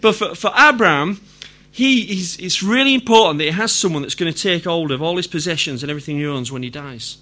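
A middle-aged Yorkshire man preaching a sermon to a congregation. His voice sits high and sounds bright and forceful. He talks in a chatty way and often asks his listeners questions. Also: fast, hardly any pauses. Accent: Yorkshire English. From Yorkshire, England.

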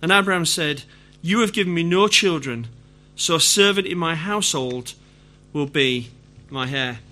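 A man's voice: fairly high pitch, animated, normal speed, bright, forceful tone. A middle-aged man with a Yorkshire accent preaching a sermon in a conversational way, putting questions to the congregation. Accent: Yorkshire English. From Yorkshire, England.

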